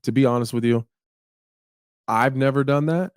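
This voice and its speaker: A man chatting casually as a podcast co-host, excitable and swearing often. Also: mid-range voice, moderate pace, smooth, no echo, studio quality. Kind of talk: casual chat.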